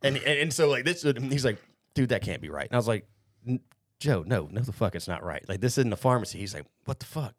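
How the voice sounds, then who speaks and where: Fast-talking, profane podcast host. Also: male voice, medium pitch. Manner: profane, rambling, animated storytelling. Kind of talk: casual storytelling chat.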